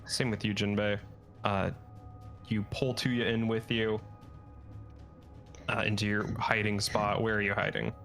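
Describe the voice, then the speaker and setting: A man's voice: lowish voice, little pitch movement, unhurried, creaky, pauses often, fairly bright tone, faint music behind. A man narrating as game master for a tabletop game, setting scenes vividly and pressing players with questions.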